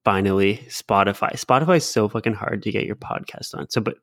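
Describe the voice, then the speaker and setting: A man's voice: on the low side, brisk, fairly bright tone, no room sound. Dry-voiced casual male podcast host. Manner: loose and swearing, laughing easily.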